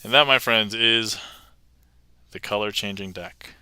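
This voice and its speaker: Bright, upbeat male magic streamer. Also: lowish voice, measured pace, clean tone, no echo. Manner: chatty and upbeat, reading chat aloud with thanks. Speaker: magician livestream host. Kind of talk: casual livestream chat.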